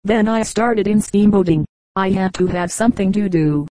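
A woman reading the lines of a blunt, stubborn older riverboat captain with a hoarse, deep voice. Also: moderate pace, dark tone, dry recording, close to an everyday voice, rough recording. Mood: blunt, firm. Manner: blunt, firm retorts.

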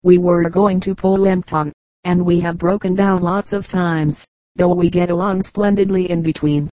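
An earnest, well-spoken young girl, kind and eager to help, read by a woman. The voice sits low and stays flat, with little rise or fall. The sound is dry and close. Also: moderate pace, no room sound, close to an everyday voice, low-quality recording.

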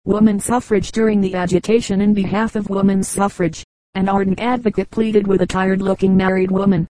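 Mellow-voiced woman reading old anecdotes. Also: medium pitch, flat delivery, brisk, dry recording, low-quality recording. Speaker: audiobook reader. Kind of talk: scripted narration of humorous anecdotes.

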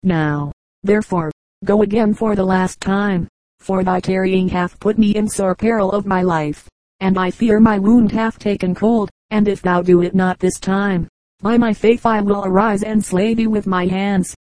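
A dying king gives solemn, archaic commands, voiced by a woman reading a storybook aloud. The delivery stays even and unhurried, with a mellow tone in a dry, close recording. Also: medium pitch, no room sound, natural voice, rough recording. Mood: grave.

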